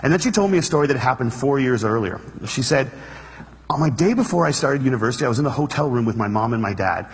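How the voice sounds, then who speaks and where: Man, motivational speech, quick delivery, husky voice, long hall echo. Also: mid-range voice, expressive. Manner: storytelling, earnest, quick, plays the room for laughs. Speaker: speaker. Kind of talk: motivational stage talk. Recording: hall reverb.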